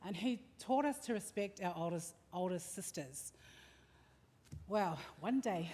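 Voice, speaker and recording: A middle-aged woman, telling a lively family story with many fillers at a memorial service. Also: fairly high pitch, slight background noise. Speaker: family member giving a tribute. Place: large hall at a family service. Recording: long hall reverb, faint room ambience.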